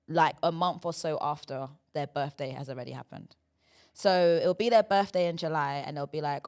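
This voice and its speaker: A woman's voice: fairly low pitch, very animated, moderate pace. A woman hosting a comedy podcast in casual chat, playful and chatty, often saying "do you know what I mean". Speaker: podcast host.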